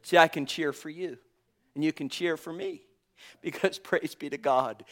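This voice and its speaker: With a fairly high pitch, a male preacher stretches his sermon's phrases emphatically. He swings from loud to soft, tossing in quiet asides and chuckling occasionally.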